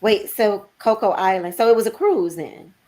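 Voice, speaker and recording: Woman hosting a talk show, lively, firing off quick questions. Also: medium pitch. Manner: animated, quick questions and exclamations. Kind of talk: casual chat.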